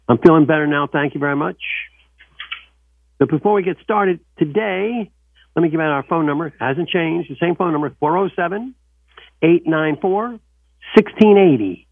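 A man's voice: fairly high pitch, moderate pace, pauses often, dry recording. A man hosting a call-in radio show, joking with co-hosts and repeating welcomes. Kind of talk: casual radio talk. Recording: dull lo-fi radio sound.

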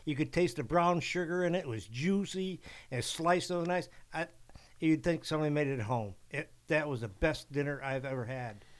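A man's voice: a little high, normal speed. A man on a radio talk show enthusiastically describing something in casual chat. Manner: enthusiastic, savoring.

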